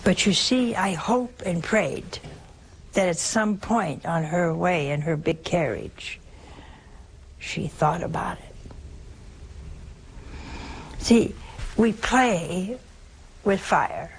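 A woman's voice: fairly low pitch, animated, takes it slowly, pauses often, a little hiss or hum, poor audio. A woman giving a folksy religious talk, telling stories and asking rhetorical questions. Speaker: religious speaker. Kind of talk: sermon-style talk.

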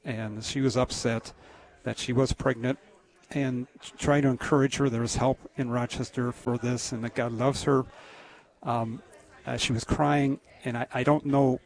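Man, gravelly voice, radio guest, halting, earnest, lots of restarts. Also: medium pitch, a little mellow. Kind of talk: casual testimony on a radio show.

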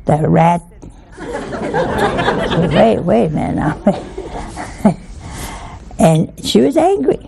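A woman giving a homey, unhurried sermon, her low-toned, mellow voice carrying a gravelly rasp. She keeps turning to her listeners with little rhetorical questions as she tells her stories. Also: huge pitch swings, some chatter behind, slight background noise. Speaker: preacher. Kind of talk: informal sermon with anecdotes.

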